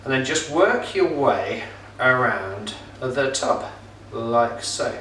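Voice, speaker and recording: A man's voice: mid-range voice, animated, takes it slowly, a bit bright, a little hiss or hum. A middle-aged man presenting a casual cooking demonstration at home, chatty and jokey, with plenty of filler words. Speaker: pizza kit seller and presenter. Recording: roomy echo, mic some distance off.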